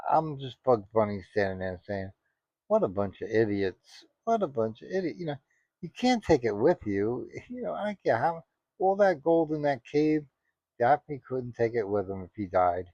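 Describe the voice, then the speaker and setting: A man's voice: on the low side, a little mellow, no room sound. A man giving casual spoken commentary, rambling and indignant, full of "you know" asides. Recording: dry, dull lo-fi audio.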